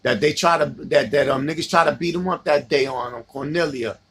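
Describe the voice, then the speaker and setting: A man's voice: fairly high pitch, a little fast, fairly bright tone, husky. A middle-aged man with a New York accent, chatting casually on a livestream, reminiscing about old friends and answering viewer comments.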